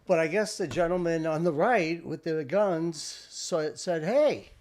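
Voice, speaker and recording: An older American man, a veteran, telling a war story in casual chat, swearing freely and acting out what people shouted. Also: fairly high pitch, measured pace. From United States. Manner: animated, swearing, acts out shouted quotes. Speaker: veteran guest.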